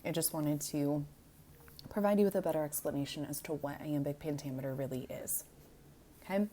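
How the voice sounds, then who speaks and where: Reassuring teacher woman, dark-voiced. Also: low-pitched, steady tone. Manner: reassuring, quick and chatty. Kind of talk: casual classroom explanation.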